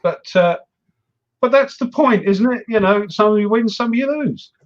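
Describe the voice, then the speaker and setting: A man's voice: high voice, unhurried, muffled recording. A man hosting a wargaming chat show, rambling and self-mocking as he talks through his games. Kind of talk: casual chat.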